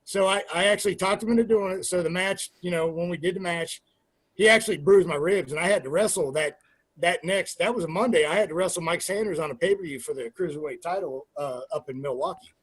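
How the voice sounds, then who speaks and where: A man in his forties, a former pro wrestler, telling profane, animated stories in an interview and acting out quoted dialogue. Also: sits high, quick pace, slightly rough, no echo. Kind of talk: casual storytelling interview.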